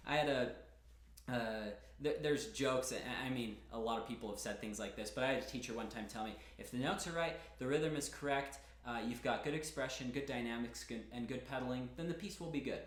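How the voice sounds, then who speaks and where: A man's voice: medium pitch, fairly quick. A young man giving a casual, encouraging piano lesson, chatting between short demonstrations at the keyboard. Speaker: piano teacher. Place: room with a piano. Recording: roomy echo with piano playing.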